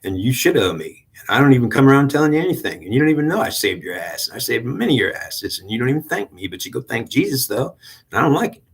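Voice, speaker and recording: A man's voice: medium pitch, sing-song, fast talker, gravelly, husky, voice pushed up, heavily acted, low-quality recording. A man voicing a resentful male devil spirit who complains about never getting credit. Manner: grumbling, aggrieved complaints.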